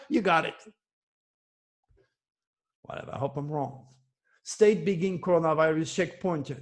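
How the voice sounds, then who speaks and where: A man with a somewhat high voice talks alone to his viewers as an astrologer, reacting to news headlines. He preaches with rising passion, hammering points home by repeating phrases over and over. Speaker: astrologer giving predictions. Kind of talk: emphatic solo commentary on news headlines.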